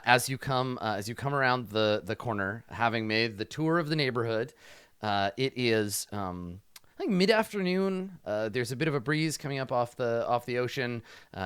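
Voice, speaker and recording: Smooth-voiced man narrating as game master. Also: medium pitch, no room sound, studio quality. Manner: relaxed, hesitant fillers while describing scenes.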